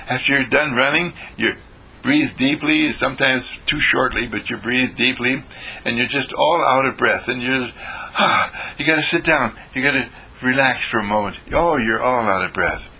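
An older man leading a guided meditation, speaking slowly and soothingly with deep audible sighs and breaths. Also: bright, forceful tone, slight background noise, low-quality recording. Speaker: meditation teacher.

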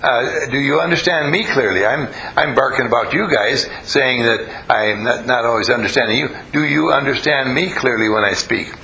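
A man's voice: mid-range voice, normal speed, creaky, hardly any pauses, sharp tone, poor audio. A man leading a live group, questioning and coaxing the audience and telling stories as he teaches. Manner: storytelling. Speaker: group leader teaching a class. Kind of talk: interactive talk to a live group.

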